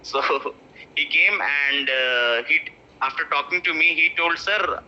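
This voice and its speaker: Bright-voiced teacher. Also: male voice, on the high side. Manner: repeats words slowly, stretching the stressed syllable. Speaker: English pronunciation teacher. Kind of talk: spoken English lesson. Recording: muffled lo-fi audio.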